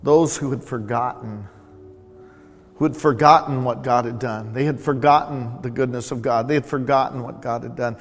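A man's voice: medium pitch, fairly even intonation, moderate pace. Man preaching in an echoey church. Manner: warm, conversational preaching with repeated emphasis. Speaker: pastor. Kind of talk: sermon. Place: church sanctuary.

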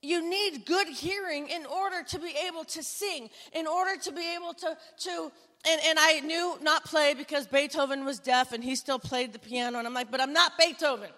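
A woman preaching a sermon, conversational and storytelling, building to emphatic, loud exclamations. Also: high-pitched, fairly even intonation, moderate pace. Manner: conversational storytelling with self-talk asides. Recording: long hall reverb.

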